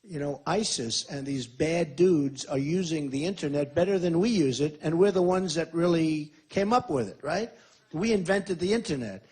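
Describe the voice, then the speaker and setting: A man in his sixties speaks to a rally crowd and answers their questions, leaning on repetition and boastful emphasis. His voice sits a touch high for a man and has a husky, slightly rough edge. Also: lively intonation, normal speed, darkish tone. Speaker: presidential candidate at a rally. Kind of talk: campaign Q&A speech.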